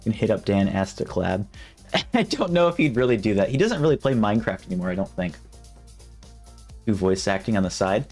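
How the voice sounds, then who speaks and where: A man with a lowish voice chatting loosely on a live stream, trailing off and restarting his sentences as he goes. Faint music plays under him. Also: expressive, brisk, a little mellow. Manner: rambling and self-interrupting, breaking off to test impressions. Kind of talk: casual live-stream chat.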